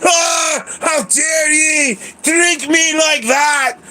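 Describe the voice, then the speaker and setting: A man shouting as furious brogue-voiced milk. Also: very high voice, very slow, some chatter behind, pitched above the performer's own voice, full character voice. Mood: outraged. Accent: mock Irish or Scottish brogue. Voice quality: loud, shouting. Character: angry milk in a stomach, shouting.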